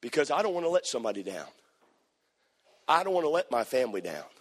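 A man preaching a sermon, telling a story with impassioned, repetitive phrasing that builds to near-shouted climaxes. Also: mid-range voice, sing-song, quick pace, breathy edge. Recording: long hall reverb.

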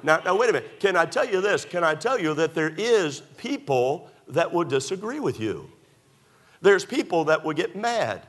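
A man's voice: on the high side, sing-song, moderate pace, a bit bright. A man preaching a sermon, emphatic, firing rhetorical questions at the congregation and telling folksy stories. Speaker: pastor.

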